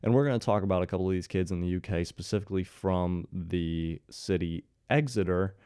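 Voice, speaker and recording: Deep-voiced man telling a story with jokey asides. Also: a little fast, dark tone, smooth, no echo, studio quality. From Ohio, USA. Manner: jokey, sarcastic asides to the audience. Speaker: commentary host. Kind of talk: casual storytelling commentary.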